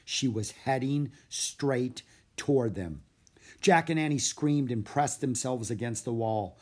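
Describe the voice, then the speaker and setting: A man's voice: mid-range voice, unhurried, darkish tone. Man reading a storybook aloud. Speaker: narrator. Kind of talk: storybook read-aloud narration.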